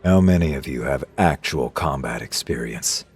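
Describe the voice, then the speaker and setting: Man playing a gruff, unflappable drill sergeant. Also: a bass voice, expressive, moderate pace, faint music behind, pitched below the performer's own voice, full character voice. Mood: dry. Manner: clipped, dry, unimpressed. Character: gruff veteran male drill instructor, unflappable.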